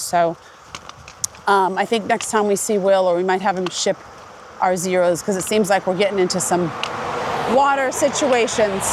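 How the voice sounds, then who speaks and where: A woman's voice: mid-range voice, background noise. Congested woman vlogging on a hiking trail. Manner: chatty, rambling with fillers. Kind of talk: casual vlog talk while hiking. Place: outdoors on a forest trail.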